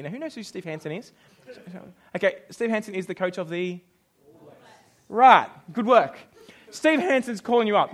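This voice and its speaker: Speaking at normal speed in a voice that sits high, a young Australian pastor preaches with jokey, animated flair, acting out quoted voices as he goes.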